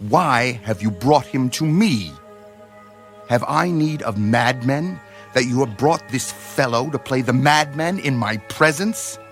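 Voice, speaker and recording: A man's voice: mid-range voice, lively intonation, a little slow, fairly bright tone, soft background music. A scornful ancient king. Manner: incredulous, dismissive. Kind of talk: dramatized audio Bible reading.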